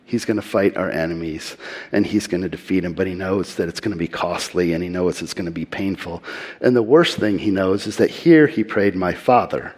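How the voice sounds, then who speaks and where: Guy preaching thru a bible passage, earnest, gets slow and soft to make a point. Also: low voice, breathy edge. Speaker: Bible teacher. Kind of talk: sermon-style Bible teaching.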